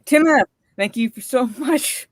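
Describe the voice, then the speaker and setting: A woman's voice: high-pitched, unhurried, no echo, studio quality. A woman co-hosting a live stream, ranting and cursing, then greeting viewers in the chat one by one.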